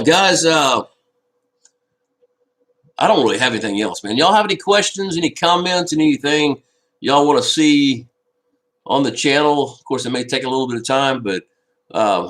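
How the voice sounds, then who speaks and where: The host of a fishing channel rambles through a casual home live stream, answering comments out loud via his laptop's built-in mic. His voice is mid-range with a fairly bright tone, captured in a low-quality recording.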